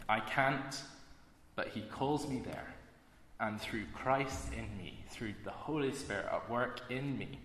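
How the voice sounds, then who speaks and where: Low-voiced man preaching in an echoey hall. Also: a bit bright, slight background noise. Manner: earnest, measured delivery with slow emphatic phrases. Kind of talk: sermon. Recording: echoey hall with long reverb.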